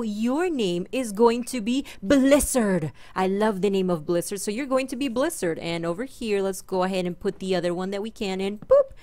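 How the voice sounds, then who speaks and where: A woman hosting a gaming channel, chatting casually and playfully through her game and talking to her in-game pets. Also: mid-range voice. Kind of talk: casual let's-play commentary.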